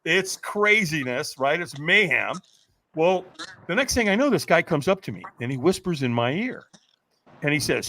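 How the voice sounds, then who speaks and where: Animated man telling a dramatic story. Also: a little high, normal speed. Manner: dramatic, acts out quotes, often asks "right?". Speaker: podcast guest.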